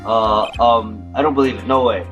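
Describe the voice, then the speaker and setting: A man voicing a heartbroken, simple-spoken convict who talks in slow, broken phrases. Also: fairly low pitch, steady tone, over music, lightly acted. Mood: pleading.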